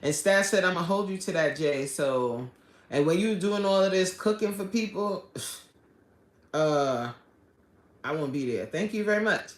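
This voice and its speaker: A woman's voice: fairly low pitch, expressive, unhurried, long pauses. A woman hosting a casual live stream, reading chat comments aloud and laughing often. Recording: echoey room.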